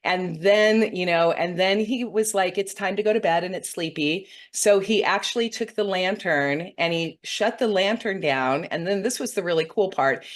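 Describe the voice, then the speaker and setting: A woman hosting her own reading show, earnestly recounting a meditation vision to her viewers in a meandering, heartfelt way, often checking in with "okay?" and "right?". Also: medium pitch. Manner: heartfelt, openly moved. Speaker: intuitive reader hosting a weekly show.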